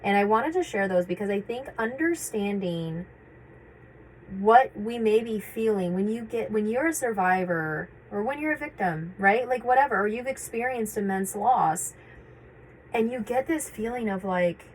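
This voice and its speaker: Woman, casual reflective vlog talk, mid-pitched voice, faint background hiss, halting with fillers. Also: lively intonation, poor audio. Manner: conversational, reflective, frequent fillers and restarts. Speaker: vlogger sharing personal experience.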